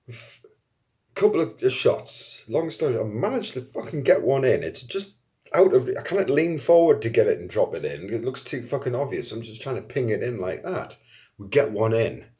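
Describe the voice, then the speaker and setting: A man with a fairly low voice tells a story casually. He is animated and swears freely, and he acts out what others said. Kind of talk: casual anecdote.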